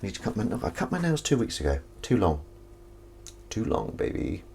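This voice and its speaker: Man, casual livestream host, animated pitch, rambling and self-deprecating, reads chat while doing dishes. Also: racing, breathy edge. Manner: rambling, self-mocking, chatty asides. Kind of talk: casual chat reading viewer comments.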